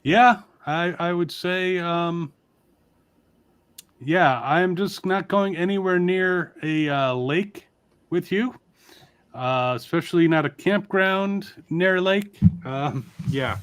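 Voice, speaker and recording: A man's voice: high voice, slow, fairly bright tone, smooth. A man from Connecticut, a toy reviewer in a casual livestream chat, rambling and joking in a plain broadcaster-style manner over a video call.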